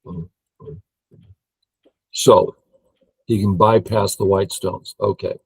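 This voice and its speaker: An older man who teaches Go plays a game and talks his moves through aloud. He hums and counts under his breath and gets excited. His voice is low, gravelly and husky, his speech slow, and the sound is dry and close. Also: no echo, rough recording. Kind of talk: thinking aloud while playing.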